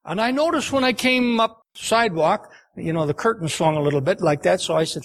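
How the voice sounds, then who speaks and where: High-voiced male preacher telling a story. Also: animated, a little fast, vocal fry, few pauses, poor audio. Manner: earnest, emphatic, anecdotal. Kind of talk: evangelistic sermon storytelling.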